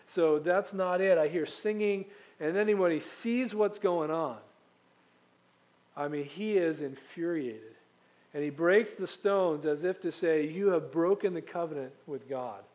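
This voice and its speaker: A man's voice: fairly high pitch, unhurried, a little mellow. A man preaching a conversational Bible-teaching sermon, walking through scripture with frequent ums and restarts. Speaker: pastor.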